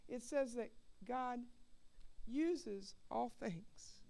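A woman from Missouri giving an emotional personal testimony, earnest and building to loud, impassioned preaching, often repeating words. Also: fairly high pitch, drawn-out words, creaky.

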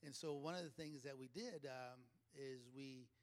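A man's voice: medium pitch, moderate pace. A man, a leadership coach, telling a chatty story to a live audience and laughing often between phrases.

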